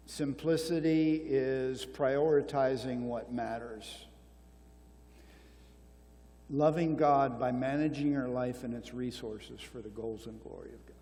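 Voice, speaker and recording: A man's voice: mid-range voice, warm tone. An older man answering questions at a marriage conference, earnest and exhortative, repeating key phrases. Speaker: conference speaker. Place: church hall. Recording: long reverb of a church hall.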